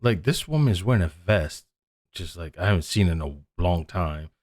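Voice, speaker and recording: An American man hosting a casual reaction video, animated and prone to repeating himself. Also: sits low, moderate pace. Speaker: host.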